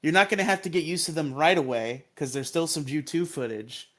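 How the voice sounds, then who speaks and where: A man's voice: on the high side, a little fast, fairly bright tone. A man co-hosting a podcast, recapping episodes casually, laughing often and acting out quotes in silly voices.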